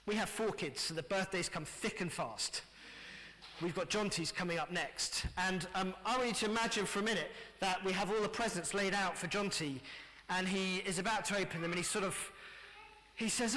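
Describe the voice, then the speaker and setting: Bright middle-aged English pastor in a church. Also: male voice, high voice, a little fast, slight background noise. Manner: lively, addressing children directly. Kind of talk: family sermon. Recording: church hall reverb.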